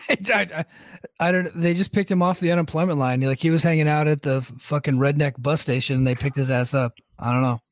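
A man hosting a casual wrestling recap podcast, relaxed, laughing often and swearing. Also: a little high, a little fast, dry recording, studio quality. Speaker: podcast host recapping a show.

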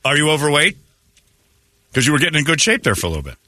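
A man's voice: on the high side, very animated, racing, pushed and bright, dry recording, clean studio sound. A man hosting a radio morning show, teasing his guest and laughing easily in casual banter.

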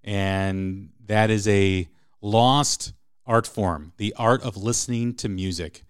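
A man's voice: on the low side, fairly even intonation, slow pace, smooth. A middle-aged man in casual conversation, musing reflectively and repeating phrases for emphasis.

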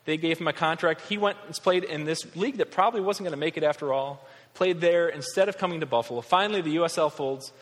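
A pastor in his thirties from Western New York delivers a sermon, his voice sitting a little high for a man. He sounds earnest and conversational, with touches of wry humor. A long reverb trails his words through a large church hall. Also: fast talker, hardly any pauses.

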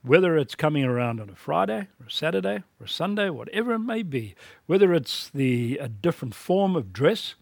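A man's voice: a little high, very animated, fairly quick, gravelly, no room sound. A man teaching a recorded course lecture in a blunt, emphatic preaching manner.

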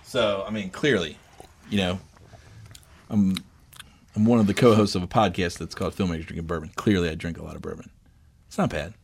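A man's voice: sits low, steady tone, fairly quick, vocal fry, pauses often, a little hiss or hum. A man, co-hosting a podcast in a rambling, chatty way. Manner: rambling, chatty, joking about bourbon. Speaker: podcast co-host. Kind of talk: casual podcast chat.

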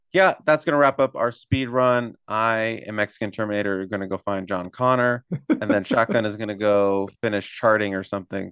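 A man's voice: fairly low pitch, a bit bright, smooth, dry recording. A man hosting a casual sports podcast, telling rambling jokey stories. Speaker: podcast host.

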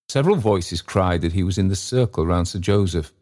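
A deep, mellow male voice narrates a classic story. His reading is measured and theatrical, with a warm, dark tone. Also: expressive. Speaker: audiobook narrator.

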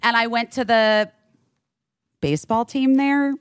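A woman co-hosting a podcast, telling stories in a chatty, animated way. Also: a little high, unhurried, smooth, dry recording, clean studio sound. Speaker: podcast co-host. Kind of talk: casual chat.

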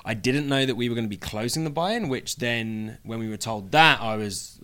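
A young British man talking casually as an interview guest, joking and pausing often with "um". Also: mid-range voice, pushed and bright. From United Kingdom. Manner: chatty, jokey, many "um" pauses.

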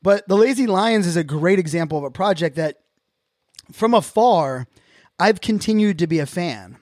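A man's voice: high voice, expressive, normal speed, darkish tone, dry recording, clean studio sound. A man hosting a casual solo podcast, talking earnestly and reflectively in loose, self-correcting sentences. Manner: earnest, openly reflective, talks in loose restarts. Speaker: podcast host.

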